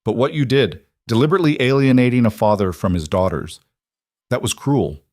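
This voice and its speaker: A man voicing a calm, firm young duchess. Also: mid-range voice, fairly quick, no echo, studio quality, natural voice.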